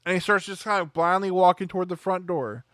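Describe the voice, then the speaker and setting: A man's voice: high-pitched, fast talker, a bit bright, clear, resonant tone, dry recording, studio quality. A man hosting a movie review show in casual chat, rambling and sarcastic, acting out scenes in little voices.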